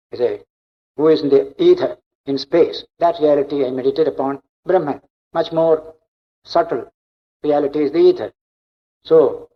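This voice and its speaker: Monk lecturer, slightly high voice, dull old lo-fi recording. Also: male voice. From India. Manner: explanatory, repetitive, emphatic. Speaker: monk giving a spiritual discourse. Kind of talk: spiritual lecture.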